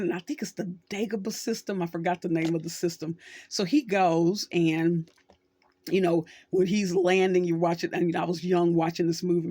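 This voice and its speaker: A woman's voice: lowish voice, darkish tone, dry recording. A middle-aged woman hosting her channel, talking casually and telling a story with acted quotes. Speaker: social worker and channel host. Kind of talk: casual talk to camera.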